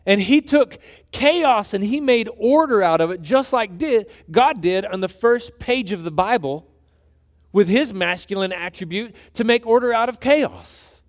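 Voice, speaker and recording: A man preaching a sermon as a pastor, telling a story with animated, joking, emphatic delivery. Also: sits high, unhurried.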